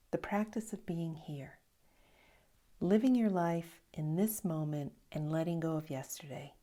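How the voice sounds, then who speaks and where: A middle-aged woman meditation teacher giving an evening talk, telling stories slowly and reflectively, with soft hushed asides. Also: on the low side.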